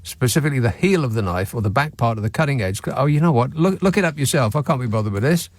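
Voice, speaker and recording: A man's voice: mid-range voice, lively intonation, fast, no room sound. Sarcastic male talk radio host. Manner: sarcastic, exasperated asides. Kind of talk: late-night talk radio chat. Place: radio studio. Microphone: studio microphone.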